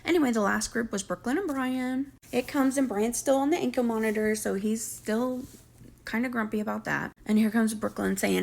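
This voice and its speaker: A woman recaps a reality show in a loose, chatty monologue. Her voice sits a little high with a gravelly fry. She is sarcastic and slips into quick imitations of the people she describes. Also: steady tone, darkish tone. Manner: chatty, sarcastic, acts out quotes.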